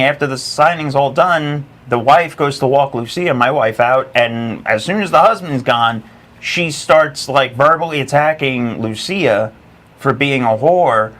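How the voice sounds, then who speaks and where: A man's voice: medium pitch, fairly bright tone. A man co-hosting a casual podcast, giving conversational advice and often checking in with "right?". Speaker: podcast co-host. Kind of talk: casual chat.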